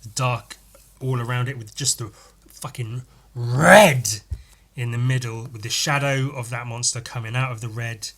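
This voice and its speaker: A man hosting a podcast who reads through a comic and raves about it in loose, casual chat. He swears freely and laughs often, and his voice has a bright, forceful edge. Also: mid-range voice, moderate pace. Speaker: podcast host.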